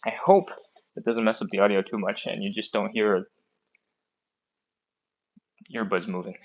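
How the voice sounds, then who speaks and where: A man's voice: on the low side, fairly even intonation, muffled recording. A man leading a live stretching class, chatty and encouraging, a bit out of breath, talking into an earbud mic. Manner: chatty, encouraging, counts down slowly. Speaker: stretching instructor.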